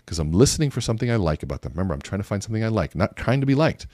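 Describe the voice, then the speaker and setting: A man teaching a method for conversation, telling lively stories and acting out both sides of his exchanges. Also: on the low side, rapid-fire, dry recording, studio quality. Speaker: communication coach. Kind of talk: teaching talk with acted-out examples.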